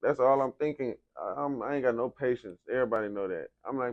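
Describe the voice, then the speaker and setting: A man's voice: mid-range voice, quick pace, few pauses, dry recording, dull audio. A young man from San Antonio, Texas, telling his life story in a casual interview, heavy on slang and "you know what I'm saying". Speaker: interview guest, rapper.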